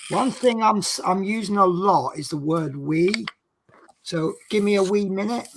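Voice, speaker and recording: Norfolk man hosting a chat, high gravelly voice, rambling and self-mocking. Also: a little slow, noisy background. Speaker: podcast host. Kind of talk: casual chat.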